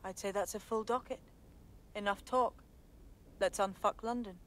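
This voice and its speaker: A woman's voice: medium pitch, steady tone, moderate pace, a bit bright, slight background noise, close to an everyday voice. A woman playing a tough resistance recruit.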